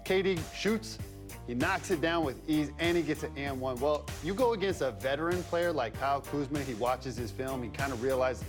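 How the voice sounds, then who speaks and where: A man's voice: mid-range voice, normal speed, over music. A man who played the game, now a studio analyst explaining plays in a conversational, slightly jokey way. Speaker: basketball analyst and former player. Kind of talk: studio film breakdown commentary.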